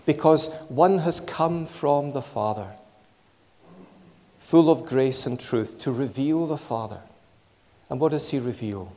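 Man preaching slow and deliberate, big echoey church hall, keeps repeating the key lines. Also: medium pitch, mellow. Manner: measured, emphatic, repeats key phrases. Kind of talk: sermon.

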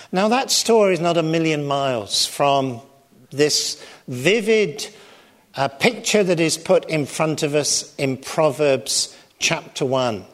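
A middle-aged man preaching a sermon, expressive and shifting his pitch and volume for emphasis.

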